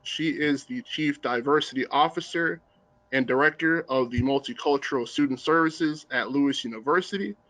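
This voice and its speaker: A man's voice: mid-range voice, normal speed, fairly bright tone, no room sound, rough recording. A young man hosting a student panel over a video call, introducing guests earnestly and politely. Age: young adult. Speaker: student host. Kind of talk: hosted panel talk.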